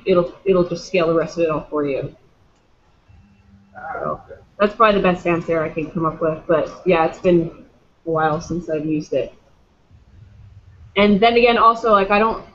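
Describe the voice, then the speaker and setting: A woman chatting casually on a video call, giving advice with many fillers. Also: fairly low pitch. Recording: muffled video-call audio.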